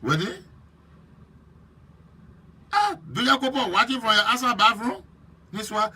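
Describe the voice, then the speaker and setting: A man with a Liberian English accent hosting a live stream, chatting lively and preachy while teasing viewers by name. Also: very high-pitched, measured pace, husky. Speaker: host.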